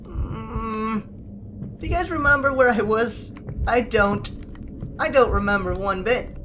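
A woman's voice: a little high, slow, background noise. A woman playing a horror game and commenting on it, frustrated and swearing, often muttering to herself. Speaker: gaming video creator.

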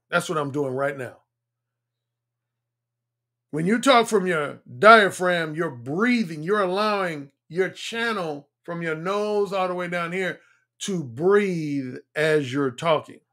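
A man's voice: a little high, a bit bright. A man who works as a dating coach, talking through a livestream in a conversational, explanatory way, repeating points for emphasis. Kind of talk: livestream monologue.

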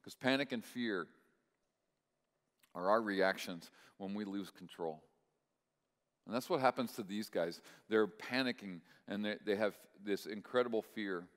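A male pastor preaching a sermon, telling a story and checking in with the congregation, moving between hushed moments and impassioned, louder stretches. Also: lowish voice, measured pace. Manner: swings from hushed to loud, impassioned. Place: church sanctuary. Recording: long reverb of a large hall.

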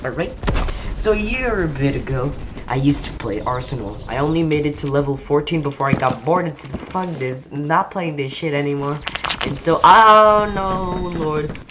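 Swearing woman over loud gunfire. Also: sits low, lively intonation, moderate pace, noisy background. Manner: irreverent, swearing, rambling. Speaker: gamer. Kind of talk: gameplay commentary. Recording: loud gunfire game audio behind.

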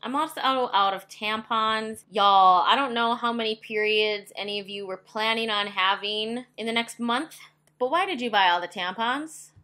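A woman's voice: a little high, normal speed, bright, forceful tone. A young woman reviewing makeup at home in a chatty, playful way, joking and humming bits of song between comments. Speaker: beauty vlogger. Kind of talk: casual makeup review chat. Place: home, indoors.

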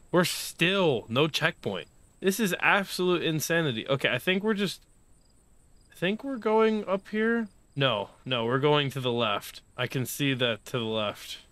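A young man doing let's play commentary, excitable and sarcastic, pleading and shouting at the game as he plays. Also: mid-range voice, clean tone, no echo. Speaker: gaming YouTuber.

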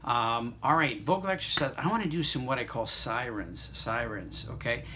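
A man teaching an online music lesson, encouraging students and walking them through note names and vocal warm-ups. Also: mid-range voice, expressive, moderate pace, a little hiss or hum.

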